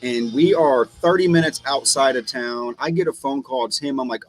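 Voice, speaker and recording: A man talks in a loose, rambling way, often tripping over and repeating his words as he tells his stories. His voice sits at an ordinary middle pitch. A clear hiss of noise runs under the recording. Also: a little fast, few pauses, poor audio. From Texas. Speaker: guest. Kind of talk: casual conversation.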